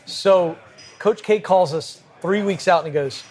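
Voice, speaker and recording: A man, a podcast guest, telling a vivid personal anecdote in brisk conversational style at a cigar lounge. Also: sits high, a little mellow. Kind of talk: animated storytelling in conversation. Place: cigar lounge with a group present.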